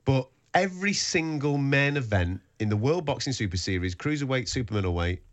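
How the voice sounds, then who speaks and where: A man hosting a sports radio show, relaxed and confident, with casual slang. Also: mid-range voice, fairly quick. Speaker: radio host.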